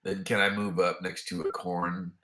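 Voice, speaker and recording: A man's voice: low-pitched, level tone, normal speed, sharp tone. A man playing a tabletop game, casually thinking aloud as he makes his moves. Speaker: player.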